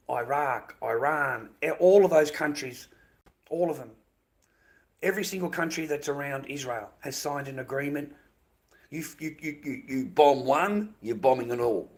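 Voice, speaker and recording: An Australian man ranting to his stream viewers, heated and profane, repeating himself often. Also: mid-range voice. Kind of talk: ranting livestream monologue.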